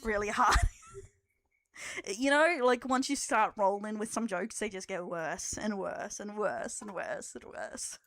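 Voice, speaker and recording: A woman's voice: mid-range voice, a little slow, a bit bright, dry recording. A young Australian woman streaming live, chatting casually with her viewers, laughing often and swearing as she teases.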